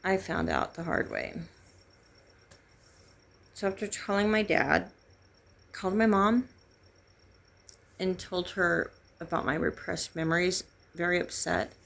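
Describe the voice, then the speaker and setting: A middle-aged woman speaks in a low, gravelly voice with a husky edge. Her candid personal testimony comes out halting and full of grief. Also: sing-song, a bit bright. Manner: halting, grieving, emotionally raw. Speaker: vlogger sharing a personal story.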